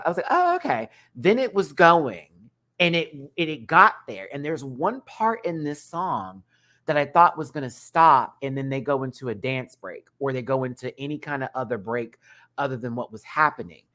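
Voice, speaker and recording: Animated man chatting on a live stream. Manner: animated, chatty, expressive pitch swings and laughs. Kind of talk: casual live-stream chat.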